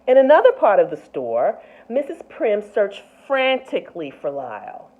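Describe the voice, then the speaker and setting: A woman, a nurse, reading a picture book aloud with expressive delivery and asides to her listeners. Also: mid-range voice, normal speed. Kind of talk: storybook read-aloud. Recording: tinny phone-like sound.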